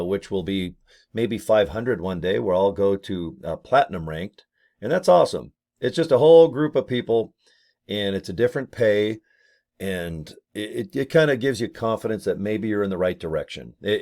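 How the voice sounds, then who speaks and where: Middle-aged man, lowish voice, rambling, joking, webcam vlog. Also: darkish tone. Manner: joking, rambling, slips into silly voices for bits. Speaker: network marketing vlogger. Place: home office with ring light.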